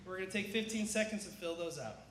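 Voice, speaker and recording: A high-voiced man talks fast and energetically as he calls out church announcements and asks the crowd questions, while still getting over a cough. The recording comes from an echoey sanctuary with a faint hum of ambience behind him.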